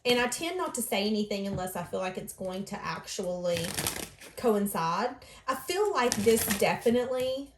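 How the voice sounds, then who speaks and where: A woman's voice: on the high side, reverberant, a little hiss or hum. A woman giving an earnest, emotional tarot reading, voicing other people's thoughts in the first person. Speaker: tarot reader.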